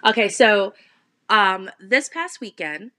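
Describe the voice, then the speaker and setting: A woman with a South Jersey accent co-hosting a podcast, telling stories in a chatty, animated way. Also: mid-range voice, slow pace, no room sound. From South Jersey, USA. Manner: animated, laughing, self-correcting storyteller. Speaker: podcast co-host. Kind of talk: casual chat.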